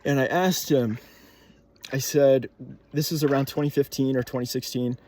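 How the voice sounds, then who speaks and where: In a casual solo ramble, a young man thinks aloud, frequently stopping on fillers and beginning sentences again. His voice sits at medium pitch, steady and slightly mellow.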